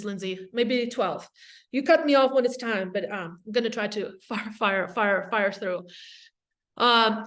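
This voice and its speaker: A woman from Russia with a Russian accent, giving a casual, energetic webinar talk on real estate, with quick asides to the audience. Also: fairly high pitch. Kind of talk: casual presentation.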